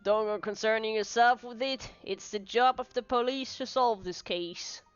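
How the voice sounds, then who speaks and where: A woman's voice: a little high, moderate pace, smooth, dull audio, soft background music, lightly acted. A woman voicing a stern, bossy male police inspector in a video game who barks orders.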